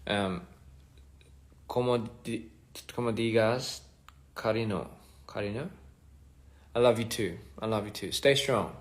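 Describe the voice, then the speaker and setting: A young man casually chatting on a phone livestream, reading fan comments aloud with halting restarts and many fillers. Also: fairly low pitch. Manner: halting, many restarts and fillers, switching between English and Korean. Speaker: musician hosting a livestream.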